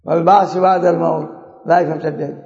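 A man's voice: on the high side, fairly even intonation, moderate pace, creaky, darkish tone. A man giving a sermon. He asks his listeners questions and recites verses in Arabic. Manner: explains by asking the audience questions, recites Quran verses in Arabic. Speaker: Islamic preacher. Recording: dull echoey hall.

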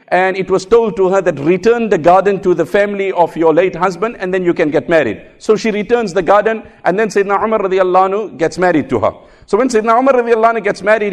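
A male preacher delivers a sermon at a brisk clip, his voice sitting fairly high. He tells stories in an animated way, acting out the people in them and rattling off quick Arabic recitations. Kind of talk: sermon on marriage with storytelling.

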